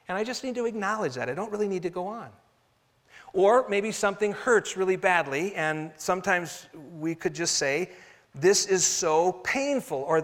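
A man preaching a sermon as pastor, earnest, swinging from loud emphasis to soft, slow phrases. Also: fairly high pitch, big-room sound.

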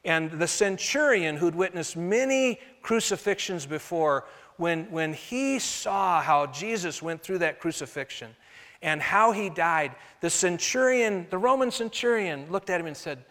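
A man preaching a sermon as pastor, earnest, swinging from loud emphasis to soft, slow phrases. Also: high voice, expressive, in a large hall.

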